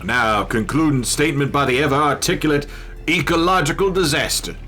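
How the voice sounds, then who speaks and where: A man's voice: fairly high pitch, fairly quick, bright, forceful tone, faint music behind, voice pushed up. A man voicing a pompous male tree-cult preacher with a put-on Southern US accent, reading game text in a grandiose sermon style. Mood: solemn, grandiose.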